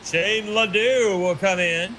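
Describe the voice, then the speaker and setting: A man's voice: high-pitched, slow. A man from Tennessee calling a sim race play-by-play, chatty and joking with his co-host. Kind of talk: sim racing broadcast commentary. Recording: steady background noise.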